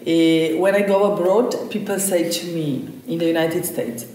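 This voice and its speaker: Woman chef, low voice, chatty storyteller; roomy echo, mic a bit distant. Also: unhurried. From Slovenia. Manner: animated storytelling, frequent fillers. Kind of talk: conversational interview.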